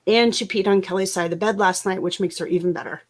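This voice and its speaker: A middle-aged woman chats on a livestream, telling a long personal story. She laughs often and restarts her sentences as she goes. Her pitch sits in an ordinary middle range. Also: fairly even intonation, quick pace. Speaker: livestream host. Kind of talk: casual livestream chat.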